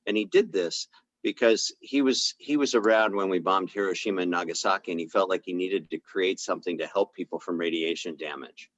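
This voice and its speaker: A man, a chiropractor, telling a story in a relaxed conversational way, acting out the dialogue and using plenty of fillers. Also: low voice, fairly quick, dry recording, rough recording. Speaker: chiropractor speaking on a health podcast. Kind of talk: casual storytelling talk.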